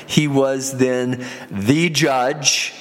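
A man teaching on scripture in a podcast sermon, reading slowly and deliberately with frequent chuckles. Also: medium pitch, steady tone, in a large hall.

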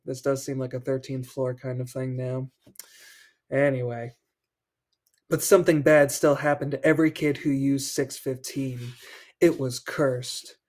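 A man's voice: medium pitch, darkish tone. A man hosting a podcast, reading a children's horror book aloud and breaking off for joking asides, laughing between passages. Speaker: podcast host.

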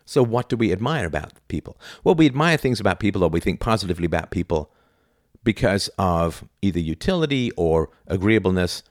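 A man's voice: sits low, no echo, studio quality. A man giving an unscripted philosophy lecture in a blunt, opinionated way, with sudden emphatic jumps in his voice.

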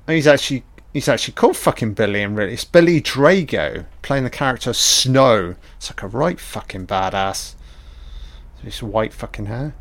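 A man giving a casual, profane audio commentary on a film, reacting excitedly as he watches. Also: medium pitch, moderate pace, gravelly.

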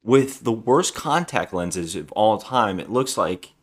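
A man co-hosting a movie podcast, recounting scenes in animated casual chat. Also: lowish voice, takes it slowly, soft background music. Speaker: podcast co-host.

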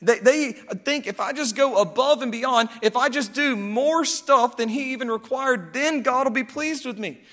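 High, bright-voiced man preaching a sermon. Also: normal speed, few pauses, big-room sound. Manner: animated, acts out quoted pleas in a raised voice. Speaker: pastor.

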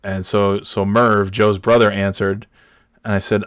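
A man with a fairly low voice tells a casual, swear-laden story with animated energy. He acts out what people said, sometimes jumping way up in pitch. The sound is dry and close, with no room echo. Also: moderate pace. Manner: animated, swears freely, acts out quotes with big shouts.

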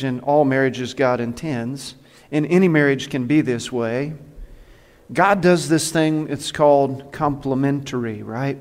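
A man preaching a sermon to a church, joking and animated, now and then slipping into impressions. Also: a little high, long reverb tail. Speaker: pastor. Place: church sanctuary.

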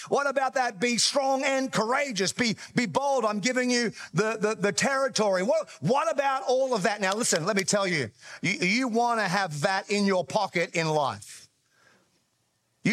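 A middle-aged male pastor preaching with a fairly high voice, his delivery lively and full of stories. He laughs at himself and keeps restarting his sentences as he goes. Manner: animated storytelling, self-deprecating humor, frequent restarts. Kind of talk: sermon.

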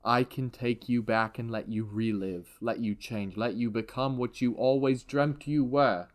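A man narrating a tabletop role-playing game as game master, in a relaxed, conversational way. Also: medium pitch, unhurried. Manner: relaxed, conversational, with frequent laughs.

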